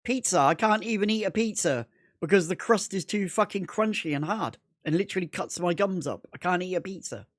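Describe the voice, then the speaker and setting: A man's voice: high voice, lively intonation, fairly quick, dry recording. Bloke rambling on his game stream, swears every other word, repeats himself, dry close mic. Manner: rambling, repetitive, heavy swearing. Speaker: gaming livestreamer. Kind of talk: casual gaming livestream chat.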